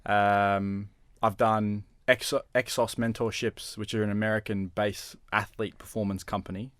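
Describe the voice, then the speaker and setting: A man's voice: fairly low pitch, flat delivery, moderate pace, a bit bright, no room sound, studio quality. A man guest on a casual podcast, speaking earnestly about coaching and piling up repeated words to make his point. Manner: earnest, lists points with repetition. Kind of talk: casual chat.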